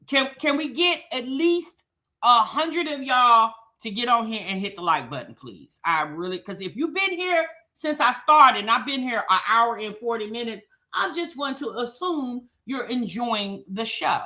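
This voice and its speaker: Bright high-pitched woman livestream host. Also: expressive, a little slow. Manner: auctioneer-style chanting of numbers. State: out of breath. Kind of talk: casual livestream chat.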